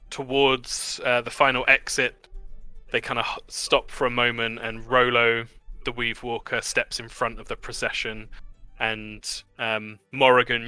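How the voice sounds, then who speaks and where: A man's voice: medium pitch, sharp tone, clean tone, dry recording. A man narrating a tabletop game as game master, telling the story loosely with many fillers.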